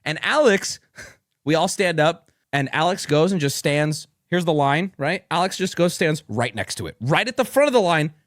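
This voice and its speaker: Young male streamer, lively and profane storyteller, high-ish voice, dry. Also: normal speed, dry recording. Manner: animated and profane, with loud outbursts. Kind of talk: casual storytelling to chat.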